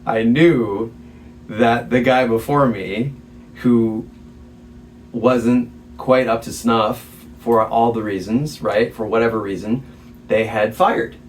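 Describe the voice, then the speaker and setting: A man, a stage actor, telling a story as an interview guest in a candid, animated way, laughing between remarks. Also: medium pitch, takes it slowly. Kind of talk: casual storytelling. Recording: distant mic, faint background noise.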